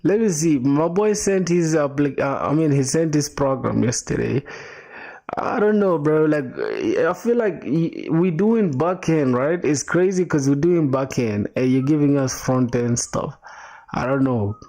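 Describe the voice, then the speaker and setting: A man's voice: on the high side, expressive, a little slow, mellow. Laid-back young man streaming code. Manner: laid-back, slangy, calls viewers bro and my boy; answers chat while thinking aloud, with fillers and restarts. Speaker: coding livestreamer. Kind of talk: casual live-stream chat.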